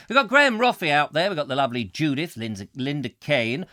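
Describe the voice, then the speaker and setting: Lively, theatrical male host. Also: medium pitch, fast talker, hardly any pauses, no echo, studio quality. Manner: theatrical, jokey, rambling. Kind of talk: comic ranting chat show. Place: home studio in a back room.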